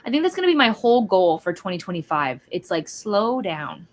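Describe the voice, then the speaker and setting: A woman's voice: mid-range voice, big pitch swings, brisk. A woman hosting a live reading stream, chatting casually and greeting viewers from bed at home. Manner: chatty, reads out chat greetings. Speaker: livestream host. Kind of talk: casual chat.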